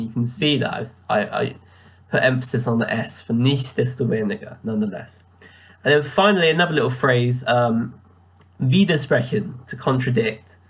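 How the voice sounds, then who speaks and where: A young man talks through a self-review of his pronunciation, stopping often with ums and uhs. His voice sits at an ordinary middle pitch. It has the plain sound of a built-in webcam mic indoors. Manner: hesitant, many ums and uhs. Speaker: language student.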